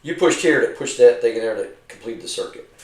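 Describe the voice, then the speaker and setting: Over drinks, a middle-aged retired army veteran fires off rambling, profanity-heavy war stories at a fast clip, animatedly imitating the men he served with. His voice is of ordinary pitch and sounds roomy, a bit distant from the mic.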